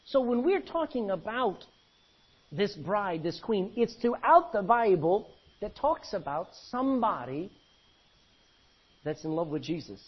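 Husky preacher swinging loud and soft. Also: male voice, very animated, a little slow. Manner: swings between loud emphasis and low quiet lines; reads old-fashioned scripture aloud. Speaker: pastor. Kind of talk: sermon. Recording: dull lo-fi recording.

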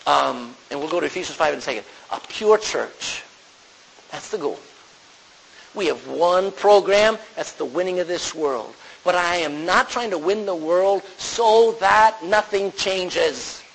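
A man's voice: sits high, animated, a little slow, vocal fry, fairly bright tone, rough recording. A man preaching a sermon as pastor, often asking his congregation "Amen?" as he goes. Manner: preaching with frequent call-and-response "Amen?". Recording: faint hiss.

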